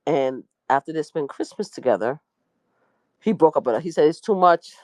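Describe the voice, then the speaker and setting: A middle-aged woman, a media personality, casually breaking down a trial story in a slangy, animated way and jumping into high voices for the quotes. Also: normal speed, no room sound.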